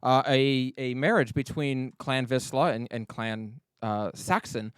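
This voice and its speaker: A man narrating a tabletop game as game master, with hesitant pauses and fillers. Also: medium pitch, smooth, no echo, studio quality.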